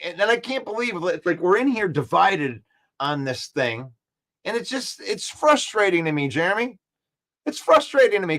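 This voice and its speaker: A man hosting a daily sports talk show, excitable and trash-talking, repeating himself as he builds his case. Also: high-pitched.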